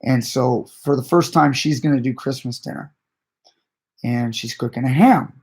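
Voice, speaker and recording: A man's voice: mid-range voice, moderate pace, a little mellow, breathy edge. A man coaching grappling, chatting on a late-night live stream in a rambling, conversational way that often restarts sentences. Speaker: jiu-jitsu coach and channel host.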